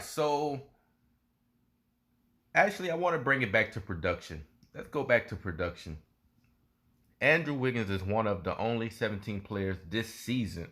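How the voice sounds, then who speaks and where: A man with a lowish voice giving casual commentary on a basketball player. He repeats himself loosely and often ends his points with "man". Soft music plays quietly underneath. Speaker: sports video host.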